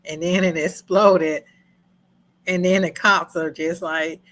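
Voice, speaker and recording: A woman co-hosting a casual movie review chat, animated and laughing often as she acts out scenes in quoted voices. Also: lowish voice, slow, rough recording.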